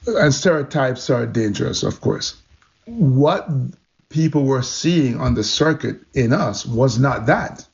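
A man recounts his story with animated energy and a gravelly edge to his voice, and it comes through a little dull and muffled. His pitch sits in an ordinary middle range. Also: slow pace. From Jamaica. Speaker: interview guest. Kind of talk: storytelling interview.

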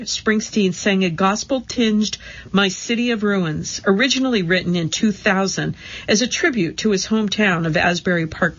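A woman giving a steady, measured scripted narration of magazine articles. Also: medium pitch, highs cut off.

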